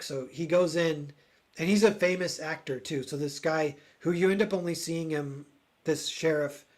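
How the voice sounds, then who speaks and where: Casual man streamer, higher pitched, rambling with many fillers. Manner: rambling, searching for words, lots of fillers; voices quoted characters loudly. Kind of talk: casual chat.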